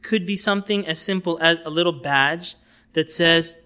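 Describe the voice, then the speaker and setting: A man giving an informal lecture on outreach techniques, animated and conversational, often acting out little dialogues. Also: a little high, normal speed, clear, resonant tone. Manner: conversational with fillers and asides.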